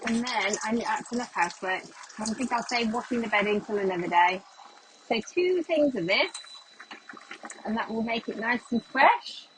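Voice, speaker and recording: A woman's voice: a little high, animated, normal speed, a bit bright. A middle-aged woman chatting casually as she cleans her floors at home, a little under the weather. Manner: chatty, talking along while doing housework. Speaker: cleaning vlogger. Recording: noisy home recording with household clatter.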